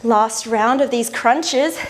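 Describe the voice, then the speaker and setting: A woman's voice: on the high side, slow pace. A woman leading a guided dumbbell workout, out of breath as she exercises, cueing moves with upbeat encouragement. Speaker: fitness instructor. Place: indoor workout studio.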